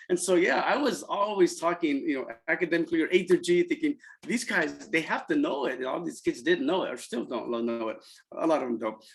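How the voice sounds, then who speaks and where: A middle-aged man from Central California, founder of a college program, tells emotional stories as an interview guest, halting, restarting often, and using many fillers. His high, animated, fairly bright voice rises when quoting students, on a low-quality recording.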